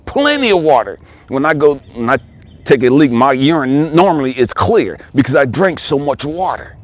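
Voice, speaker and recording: A man tells a personal testimony in the manner of a spiritual coach, acting out his story with big swings between loud cries and hushed whispers. He speaks straight to the listener at a middle pitch. The sound is dry and close, with no room echo. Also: very animated, moderate pace. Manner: addresses the listener directly.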